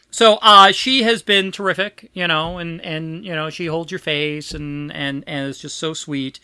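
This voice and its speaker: A woman's voice: fairly low pitch, moderate pace, bright, forceful tone, clean tone, dry recording. A woman chatting casually, telling a rambling personal story with frequent laughs and restarts. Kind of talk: casual chat.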